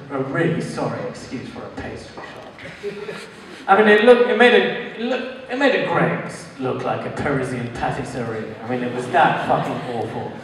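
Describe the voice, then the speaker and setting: A man doing a stand-up comedy set at a live venue, rambling and crude, often stopping to restart his sentences, recorded in an echoey hall from a distance. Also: on the high side. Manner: rambling, crude, self-interrupting. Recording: echoey hall from far off, faint ambience.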